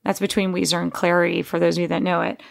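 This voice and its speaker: A woman's voice: lowish voice, little pitch movement, fast, vocal fry. A woman hosting a podcast, talking in a rambling, digressive casual monologue with frequent restarts. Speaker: podcast host.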